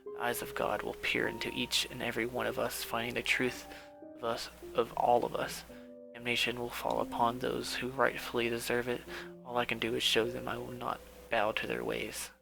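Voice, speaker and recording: Gravelly-voiced man reading his story. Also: mid-range voice, completely flat delivery, normal speed, music in the background, poor audio. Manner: reads with slips and restarts, softly dramatic. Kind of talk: first-person story reading.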